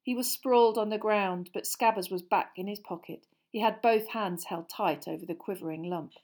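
Woman narrating an audiobook, hushed. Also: medium pitch, moderate pace. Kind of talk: scripted narration.

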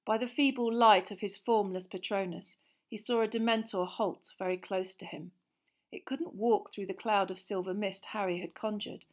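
A woman reads a fantasy novel aloud at a middle pitch. Her narration is tense and expressive, and it builds suspense line by line. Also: normal speed. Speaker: audiobook reader. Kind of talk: dramatic storybook narration.

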